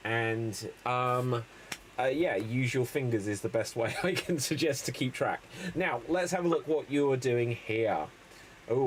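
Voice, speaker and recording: A man's voice: mid-range voice, a little hiss or hum, poor audio. A man hosting an improv stream. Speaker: improv show host. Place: online stream setup.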